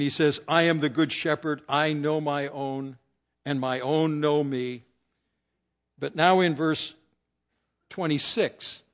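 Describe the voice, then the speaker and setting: A man's voice: on the high side, dull audio. An older man preaching a sermon, telling stories and quoting scripture with rising emphasis. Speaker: pastor.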